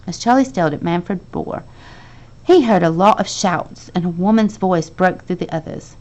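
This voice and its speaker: A woman teacher reads a children's novel aloud to her class, lively and expressive, acting out the dialogue. Her voice is fairly low in pitch and her pace is moderate.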